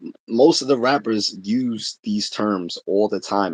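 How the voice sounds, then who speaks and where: Livestream host, male, low husky voice, relaxed talky delivery with lots of restarts. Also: a little slow, no echo. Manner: conversational, laughs often, many restarts. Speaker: livestream host answering chat. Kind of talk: casual livestream chat.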